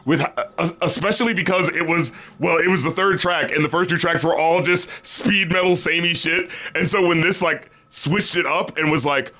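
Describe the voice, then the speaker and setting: A man's voice: fairly high pitch, moderate pace, few pauses, pushed and bright. A man co-hosting a podcast, chatting casually about an album, laughing often and acting out quotes with some swearing. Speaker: podcast co-host. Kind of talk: casual album review chat.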